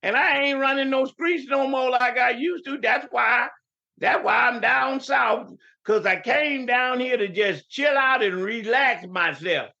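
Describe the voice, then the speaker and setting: A man's voice: very high voice, a little slow, gravelly, sharp tone, muffled recording. A man in his fifties with a New York accent, telling family stories in a rambling, casual way as a podcast guest. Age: 50s. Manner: storytelling, rambling with many restarts. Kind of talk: casual chat.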